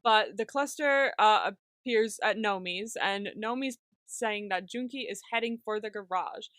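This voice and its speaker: A woman's voice: mid-range voice, measured pace, a bit bright, dry recording. A woman co-hosting a podcast, recapping an episode in casual chat, laughing often and acting out the characters' lines with plenty of swearing. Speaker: podcast co-host.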